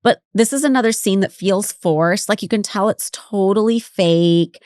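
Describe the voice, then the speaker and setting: A woman's voice: mid-range voice, normal speed, darkish tone, no echo, studio quality. A woman co-hosting a podcast, chatting casually and bluntly, swearing now and then. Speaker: podcast co-host. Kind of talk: casual chat recapping a reality show.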